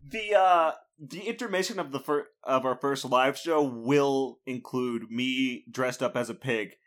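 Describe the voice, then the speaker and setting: A man's voice: mid-range voice, a little slow, fairly bright tone. A young man co-hosting a podcast, swearing a lot and sounding sarcastic and exasperated in casual banter. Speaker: podcast co-host.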